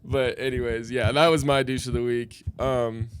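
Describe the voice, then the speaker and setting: A man's voice: medium pitch, little pitch movement, normal speed, noisy background. A man co-hosting a podcast from inside a bar, chatting casually, laughing often and acting out what customers said. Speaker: podcast co-host. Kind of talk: casual chat, telling bar stories.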